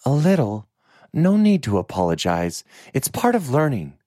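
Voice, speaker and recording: A man voicing a confident, teasing young noblewoman, raising his voice high for her. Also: big pitch swings, normal speed, mellow, no echo, studio quality, full character voice. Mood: playful.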